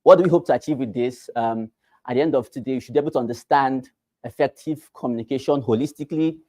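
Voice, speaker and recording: This Nigerian real estate trainer has a warm, medium-pitched voice and speaks quickly, with no room sound. He teaches a class for realtors, repeating key phrases and quizzing listeners with rhetorical questions.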